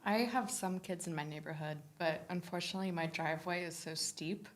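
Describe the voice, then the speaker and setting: A woman's voice: fairly low pitch, fairly quick. A woman co-hosting a live-stream painting class, chatty and reading out viewers' comments. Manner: chatty, laughs often.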